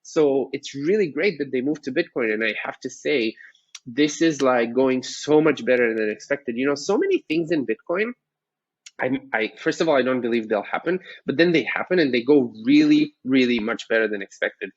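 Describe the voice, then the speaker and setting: A man's voice: medium pitch, lively intonation, moderate pace, husky, dry recording, lo-fi sound. A man co-hosting a podcast, explaining ideas with enthusiasm and many fillers. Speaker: podcast co-host. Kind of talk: casual chat about finance.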